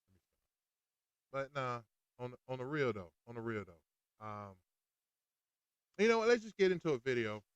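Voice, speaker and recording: A man hosting a podcast, ranting in an animated, exasperated way while recording outdoors. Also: medium pitch, moderate pace, pauses often, smooth, no room sound, dull audio. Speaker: podcast host. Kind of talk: casual ranting monologue.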